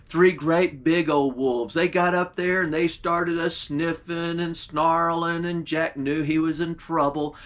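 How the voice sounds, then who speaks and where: A pastor telling a folk tale in a folksy, dialect-rich storytelling way. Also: male voice, fairly high pitch, steady tone, a little slow, hardly any pauses, fairly bright tone.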